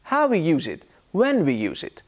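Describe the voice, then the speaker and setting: A man with a British accent teaching English pronunciation, slowly modelling each sound and repeating example words. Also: fairly high pitch, huge pitch swings. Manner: slow, exaggerated demonstration of sounds with repeated examples. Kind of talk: scripted lesson.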